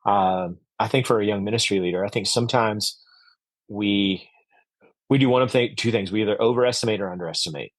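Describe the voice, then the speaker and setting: Low voiced guy on a podcast, earnest and thoughtful, lots of ums, dry mic. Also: brisk, no echo. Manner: earnest, reflective, many fillers and restarts. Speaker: podcast guest, orchard owner. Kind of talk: conversational interview.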